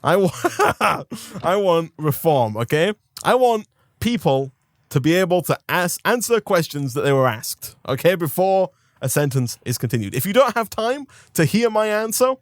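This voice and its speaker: A young man ranting about a pet peeve in casual banter, animated and mock-outraged. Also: high voice, normal speed, no room sound, clean studio sound. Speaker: co-host.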